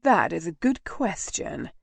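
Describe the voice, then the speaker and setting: A woman reading a storybook nobleman lover, giving him a low, soft, intimate delivery. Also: big pitch swings, measured pace, gravelly, slightly rough, no room sound, exaggerated voice. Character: male nobleman lover, tender and commanding.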